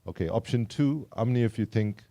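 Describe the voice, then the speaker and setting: A South African man speaks to a live audience in a lowish, mellow voice. He keeps the tone wry and engaging and stops to quiz the crowd with questions. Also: animated, a little fast, creaky. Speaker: climate activist speaker. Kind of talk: public talk to a live audience.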